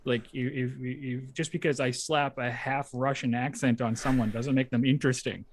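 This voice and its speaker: A man hosting a casual interview, laughing easily and thinking out loud as he asks questions. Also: mid-range voice, fairly even intonation, normal speed. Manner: laughs easily, thinks aloud while asking. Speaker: interview host.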